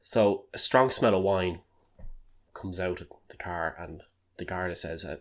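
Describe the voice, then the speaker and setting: Deep-voiced Irish man telling jokes. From Ireland. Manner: jokey, quick laughs, mimics voices in jokes. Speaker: podcast co-host. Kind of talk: casual chat, telling jokes.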